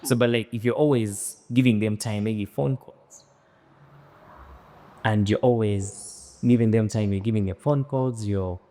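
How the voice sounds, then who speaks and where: Brief: male podcast co-host, low mellow voice, explains with examples and restarts. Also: a little slow. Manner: explanatory, hesitant, restarts while laying out examples. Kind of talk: casual podcast chat.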